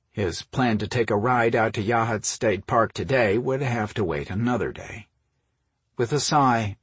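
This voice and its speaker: A man reading a novel aloud in a steady, measured storytelling voice. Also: lowish voice, husky, no room sound. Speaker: audiobook narrator. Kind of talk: scripted narration.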